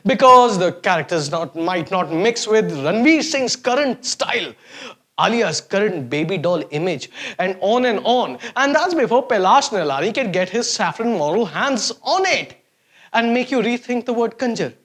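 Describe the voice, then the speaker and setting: A man's voice: high-pitched, expressive, normal speed, a bit bright. A man hosting a sarcastic, mocking comedy rant to camera. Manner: sarcastic, mocking, exaggerated swings of voice. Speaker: host.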